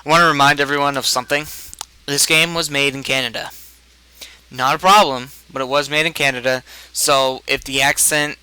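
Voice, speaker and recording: A man's voice: medium pitch, sharp tone, clean tone, low-quality recording. A man from the United States giving casual, joking, rambling commentary over a video game on a headset mic. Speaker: game let's play host.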